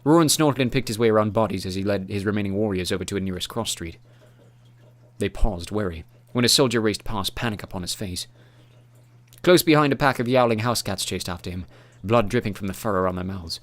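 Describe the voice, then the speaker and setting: A man narrating a fantasy audiobook in a steady, measured way. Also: on the low side.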